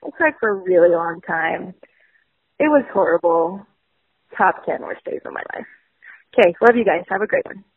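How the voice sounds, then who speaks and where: A woman's voice: fairly low pitch, lively intonation, moderate pace, pauses often, a little hiss or hum. A woman in her thirties telling a frantic, rambling story in a recorded phone voicemail. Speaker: voicemail caller. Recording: tinny phone line.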